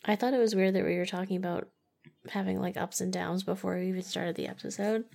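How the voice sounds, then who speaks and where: A young woman chats about a film as a podcast co-host. Her voice has a marked gravelly fry, and her speech is loose and full of "like". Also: medium pitch, steady tone, quick pace, darkish tone. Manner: chatty, heavy use of "like". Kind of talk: casual movie review chat.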